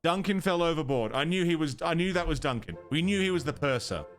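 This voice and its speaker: A man's voice: fairly high pitch, animated, quick pace, a bit bright. A man thinking aloud as he streams a puzzle game, muttering and counting under his breath. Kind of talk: casual gameplay commentary. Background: game music.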